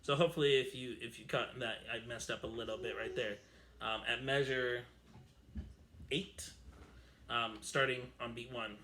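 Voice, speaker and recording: A man's voice: medium pitch, fairly even intonation, moderate pace, long pauses, over music. A man teaching a string orchestra lesson on camera from home, counting and singing rhythms aloud and chatting with fillers. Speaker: music teacher. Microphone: camera mic.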